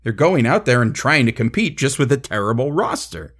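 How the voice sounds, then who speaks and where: Animated male sports podcast co-host. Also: medium pitch, fairly quick, few pauses. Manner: animated, exasperated rhetorical questions. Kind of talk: casual sports podcast chat.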